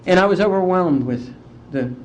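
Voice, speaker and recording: A middle-aged man from West Virginia tells his recovery story as a speaker at an AA conference, heartfelt and unhurried. His high-pitched voice has lively intonation, and the dull lo-fi conference tape carries a little hiss or hum.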